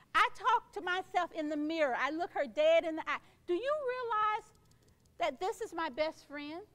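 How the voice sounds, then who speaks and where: Middle-aged woman, keynote speaker; very high voice, encouraging and playful delivery. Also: sharp tone. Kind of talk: motivational keynote speech.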